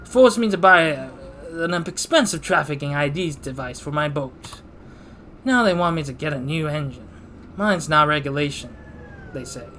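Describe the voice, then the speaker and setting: Man doing a gruff old sailor, odd accent. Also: sits high, very animated, slow pace, long pauses, pushed and bright, a little hiss or hum, voice pushed up, heavily acted.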